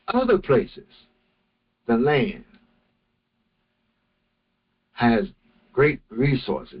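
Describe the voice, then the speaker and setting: Slow-speaking man giving a religious lecture. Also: mid-range voice, lo-fi sound. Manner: slow, deliberate, with many restarts. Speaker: religious teacher. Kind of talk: morning lecture.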